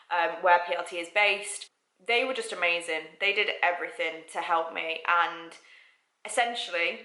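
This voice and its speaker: Chatty, excitable young English presenter. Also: female voice, fairly low pitch, echoey room, low-quality recording. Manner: chatty, excitable, full of "like" and "oh my God". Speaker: radio presenter. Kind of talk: casual vlog storytelling.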